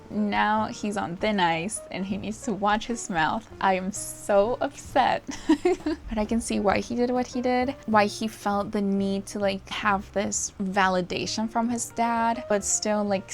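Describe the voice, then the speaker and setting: Gushing young woman with a gravelly edge. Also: mid-range voice. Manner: gushing and animated, laughs often, swears. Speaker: book vlogger. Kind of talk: casual chat.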